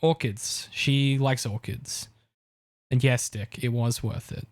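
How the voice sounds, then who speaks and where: An actor playing a restrained, grieving young man in a TV drama, speaking low and softly. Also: steady tone, takes it slowly, no room sound, studio quality. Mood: mournful. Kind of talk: TV drama acting.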